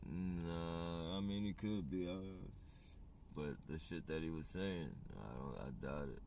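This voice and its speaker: A man's voice: low-pitched, unhurried, a little mellow, a little hiss or hum. A man chatting casually on a livestream, rambling and swearing, often laughing as he talks.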